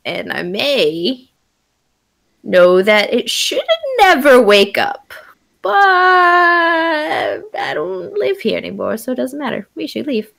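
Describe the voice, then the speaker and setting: A woman doing a gruff were-tiger warrior. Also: high voice, very animated, takes it slowly, a bit bright, full character voice. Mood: blunt. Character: gruff female dragonborn turned were-tiger.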